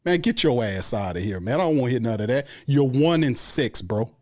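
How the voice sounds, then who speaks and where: A man's voice: medium pitch, animated, a little fast. Guy hosting a live sports stream, mad and cussing, ranting on and on, regular mid voice. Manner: angry, profane, repetitive ranting. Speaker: sports show host. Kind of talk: heated fan rant on a live stream.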